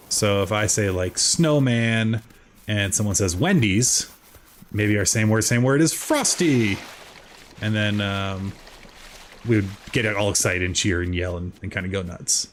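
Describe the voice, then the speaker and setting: A man in his thirties from South Jersey, with its accent, chatting casually while streaming a farming game and answering his chat in a rambling way. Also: slight background noise. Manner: chatty, rambling, lively with sudden high jumps. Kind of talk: casual gameplay chat with chat readers.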